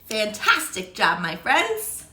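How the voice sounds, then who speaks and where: Bright, slow-spoken woman teaching kids' yoga. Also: medium pitch, wildly swooping pitch, slight background noise. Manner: upbeat, encouraging, does animal sounds. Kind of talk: children's yoga lesson. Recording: echoey room, distant mic.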